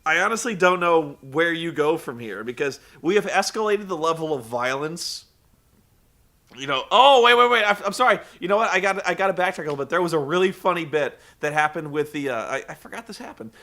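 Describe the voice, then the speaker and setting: Profane, rambling man with a bright voice. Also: on the high side, brisk. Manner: profane, rambling, animated storytelling. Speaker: wrestling show recapper. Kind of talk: casual comedic recap.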